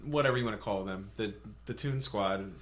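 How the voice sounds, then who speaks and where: Podcast co-host, male, mouthy and animated critic. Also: fairly low pitch, fairly quick. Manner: blunt, profane, animated griping about the movie. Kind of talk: casual movie podcast chat.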